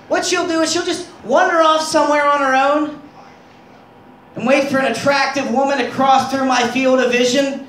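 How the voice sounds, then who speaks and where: A man's voice: extremely high pitch, fairly bright tone. A man doing crude, self-deprecating stand-up comedy on a club stage. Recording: roomy club sound from far off.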